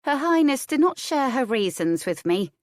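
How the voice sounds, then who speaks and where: A woman's voice: sits high, sing-song, normal speed, no room sound, voice pushed up. A dour serving woman from the royal household, voiced by a woman in a raised register. She is curt and unsmiling, and the sound is dry and close.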